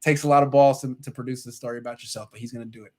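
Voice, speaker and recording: A man hosting a sports podcast, telling stories in casual chat with sudden loud outbursts and muttered asides. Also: medium pitch, rapid-fire. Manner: excitable storyteller, jumps between loud outbursts and muttered asides.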